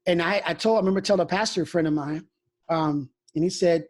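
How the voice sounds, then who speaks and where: Speaking briskly in a voice on the high side, this pastor gives a candid interview full of stories. His manner is frank and conversational, and he regularly starts phrases over.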